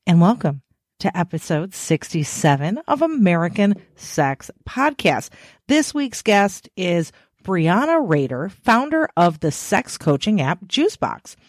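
A woman's voice: low-pitched, dry recording, clean studio sound. A woman hosting a podcast alone, playful and cheeky, swearing freely, a bit tired. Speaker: podcast host. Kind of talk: casual solo podcast chat.

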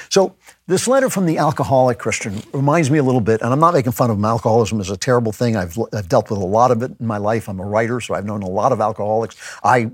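A man's voice: mid-range voice, breathy edge, no echo. A man hosting a podcast, speaking in a reflective, conversational monologue with frequent restarts. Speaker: podcast host.

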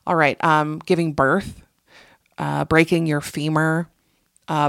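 A woman hosting a casual solo podcast, telling sarcastic, animated stories into a close mic. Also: low voice, no room sound. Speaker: podcast host.

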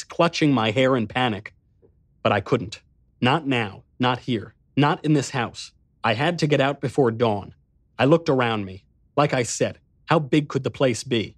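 A man reading a first-person suspense story aloud, tense and measured. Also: medium pitch, dry recording. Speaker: narrator. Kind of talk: first-person audiobook narration.

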